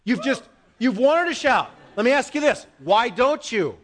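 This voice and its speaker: A middle-aged male pastor preaching in a church, swinging from loud proclaiming to quiet asides with the congregation. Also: very high-pitched, sing-song, moderate pace. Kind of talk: sermon. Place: church sanctuary. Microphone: microphone.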